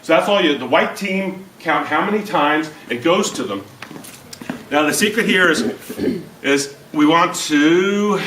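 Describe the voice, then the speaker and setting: A man with a Northern Irish accent giving an animated workshop talk to a live audience, acting out reactions with sudden loud outbursts. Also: on the high side, a little slow, slight background noise. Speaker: workshop speaker. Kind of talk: lively audience presentation. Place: seminar room with live audience. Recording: echoey room, speaker far from mic.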